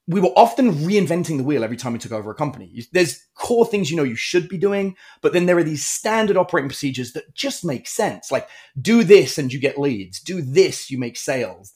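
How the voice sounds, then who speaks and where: Animated man telling a story. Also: a little high, fairly quick. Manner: animated storyteller, acts out quotes. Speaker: podcast guest, entrepreneur. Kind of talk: casual interview storytelling.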